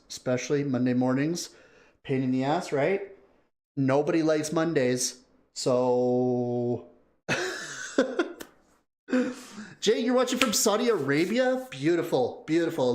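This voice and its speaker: A man hosting a live stream, chatting casually and excitedly. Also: medium pitch. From Canada. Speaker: live-stream reaction host. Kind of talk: casual live-stream chat, greeting viewers. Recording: roomy echo.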